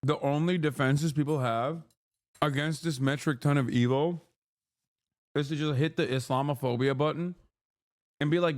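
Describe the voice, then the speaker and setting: A man's voice: a little high, steady tone, moderate pace, pauses often. A man in his thirties giving casual reaction commentary on a stream, heated and sarcastic, swearing and laughing often.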